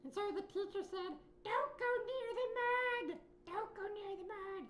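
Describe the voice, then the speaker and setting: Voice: very high-pitched, a little slow, fairly bright tone, slight background noise. A performer voicing an earnest, chatty young boy puppet who rambles through stories with ums and sound effects. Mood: storytelling. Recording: roomy echo.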